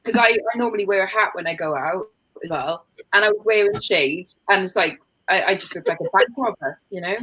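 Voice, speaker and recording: A woman's voice: medium pitch, fairly quick, bright, forceful tone, slightly rough, low-quality recording. A woman hosting a casual chat, rambling along with lots of likes and ums. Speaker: host.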